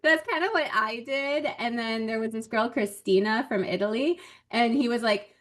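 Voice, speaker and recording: A woman comedian as a podcast guest, telling stories in a chatty, animated way with frequent laughs. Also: fairly high pitch, moderate pace. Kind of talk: casual podcast chat.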